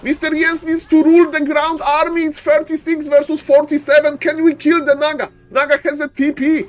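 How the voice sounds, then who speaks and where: Excitable man casting a live game. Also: extremely high pitch, normal speed. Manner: excitable, repeats phrases, yells at players. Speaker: esports caster.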